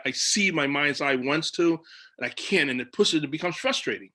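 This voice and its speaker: Bright-voiced man telling a story. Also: a little high, moderate pace. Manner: animated storytelling, acts out his own quoted lines. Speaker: children's book illustrator. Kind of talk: casual talk on a video call panel. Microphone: video call.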